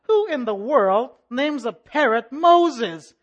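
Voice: high voice, lively intonation, takes it slowly, dull audio, pitched above the performer's own voice, full character voice. A preacher voicing a jittery small-time burglar who mutters to himself while ransacking a house. He sounds chatty, puzzled and a little spooked. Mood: incredulous.

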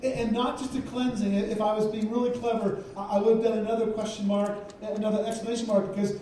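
A man's voice: sits high, flat delivery, fast talker, mellow, distant mic, slight background noise. Emphatic preacher man in an echoey church. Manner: emphatic, repeats key phrases. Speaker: guest preacher. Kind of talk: sermon. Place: church sanctuary.

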